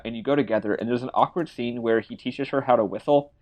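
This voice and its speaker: A man's voice: medium pitch, moderate pace. A man casually recapping a video game as a podcast co-host, rambling and joking.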